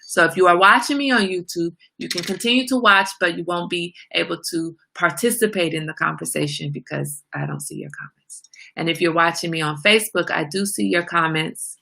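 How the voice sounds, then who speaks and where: Lady chatting on her livestream, gravelly and husky, bright edge to it. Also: on the low side, expressive, a little fast. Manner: chatty, talks straight to viewers. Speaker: livestream host. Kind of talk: casual livestream chat.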